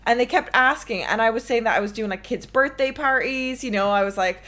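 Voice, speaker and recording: A woman's voice: on the high side, brisk, a bit bright. A young woman in her twenties, streamer and podcast host, chatting casually and candidly and telling stories with swearing. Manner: candid, swearing, storytelling with laughs.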